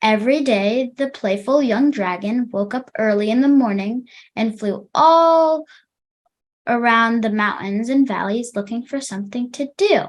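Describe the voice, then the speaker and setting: A young woman teacher reads a picture-book story to a children's class in a friendly way, stopping now and then to explain a word. Her voice is fairly high and she speaks at an unhurried, slow pace. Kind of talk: reading a storybook aloud to a class.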